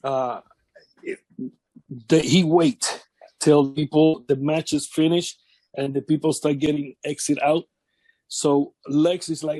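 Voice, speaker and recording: Dark-voiced man telling wrestling stories. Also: on the high side, unhurried, no room sound. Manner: animated anecdotes, non-native English grammar. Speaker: interview guest, former wrestler. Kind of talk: shoot interview storytelling.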